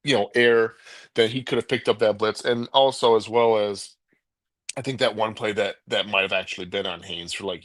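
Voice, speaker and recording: A man's voice: fairly low pitch, steady tone, moderate pace, fairly bright tone, no room sound. A man co-hosting a sports call-in show, talking casually and rambling with many restarts and laughs.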